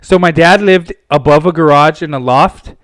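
A young man from Pasadena, California, telling profane stories in a casual, animated way as a guest. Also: a little high, moderate pace, no echo. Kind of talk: casual storytelling.

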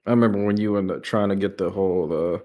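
A man co-hosting a podcast in casual chat, reacting quickly with slang and swearing. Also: low voice, steady tone, darkish tone. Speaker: podcast co-host.

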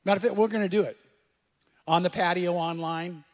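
A middle-aged pastor preaches conversationally, putting questions to the congregation and repeating phrases for emphasis. His voice sits high for a man, steady and brisk with frequent pauses. Long reverb suggests a large church.

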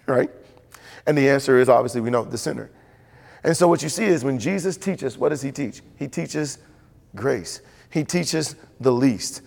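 A man preaching a sermon with animated delivery, acting out voices in the stories he tells. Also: a little high, fairly quick, vocal fry, in a large hall. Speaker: pastor.

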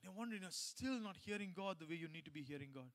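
A man preaching a sermon, moving from loud, emphatic points to quiet personal stories, with many restarts and repeated phrases. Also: high-pitched, lively intonation, rapid-fire. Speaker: pastor.

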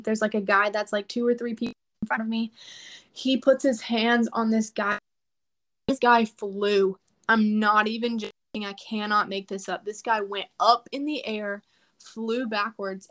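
A woman's voice: mid-range voice, a bit bright. A woman guest on a podcast, telling a personal story in a casual, emphatic way and acting out quoted prayers.

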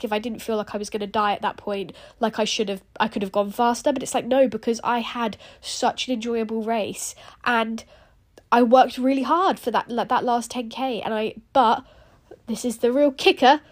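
A young woman hosting a running podcast, chatting casually and animatedly with lots of "like" fillers. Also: on the high side. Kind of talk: casual solo chat.

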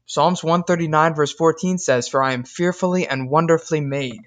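A young man speaks in a scripted devotional style, earnest and emphatic, reading Bible verses slowly and deliberately. His voice is somewhat high for a man. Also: fairly bright tone.

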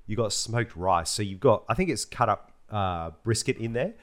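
A man's voice: fairly low pitch, lively intonation, normal speed. A man co-hosting a podcast, chatting casually, laughing often and full of slang. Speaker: podcast co-host. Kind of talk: casual chat.

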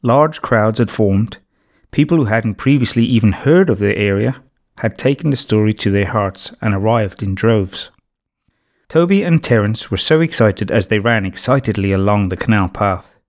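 Measured man reading a storybook. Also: lowish voice, lively intonation. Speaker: audiobook narrator. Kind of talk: storybook narration.

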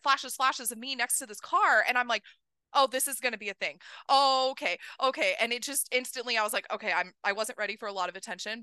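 A woman in her thirties hosting a podcast, telling a story in a casual, animated way, laughing often and acting out what people said. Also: fairly high pitch, no echo, studio quality. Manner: animated, laughing, acts out quoted voices. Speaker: podcast host.

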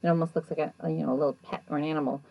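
A woman casually retelling events in a chatty, animated way, acting out what people said. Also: low-pitched, racing, vocal fry, dry recording, dull audio. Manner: chatty, animated, acts out quotes. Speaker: show recapper. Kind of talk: casual storytelling recap.

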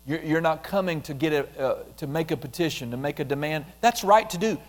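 A man preaching a conversational sermon, repeating phrases and dropping into a soft, quiet voice when he prays aloud. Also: a little high, fairly quick. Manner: conversational, repetitive, drops softly into prayer voice.

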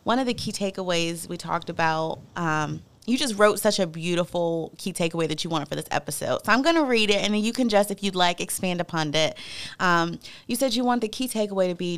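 A woman hosts an interview podcast in a smooth, resonant voice pitched a little low. She encourages her guest with short interjections and reads the guest's words aloud. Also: animated, fairly quick. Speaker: podcast host. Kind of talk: interview hosting.

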